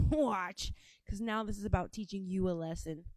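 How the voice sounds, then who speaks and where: A woman's voice: medium pitch, normal speed, darkish tone, no echo. Brief: woman from Appalachia, sassy reaction host, dry close sound. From Appalachia, United States. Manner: sassy, mocking asides. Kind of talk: casual commentary.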